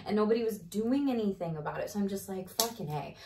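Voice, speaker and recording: A woman in her thirties telling a story in casual chat, animated, swearing freely and laughing as she goes. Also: mid-range voice, fast, background noise. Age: 30s. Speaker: podcast host. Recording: roomy, distant mic.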